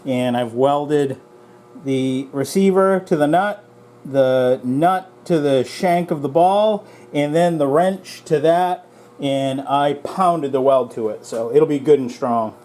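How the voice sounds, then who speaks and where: A man's voice: a little high, slow, mellow. A middle-aged man hosting a welding vlog, talking casually and laughing often as he calls his viewers guys. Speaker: YouTube welding channel host. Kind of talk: casual how-to vlog and storytelling. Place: partly outdoors in strong wind.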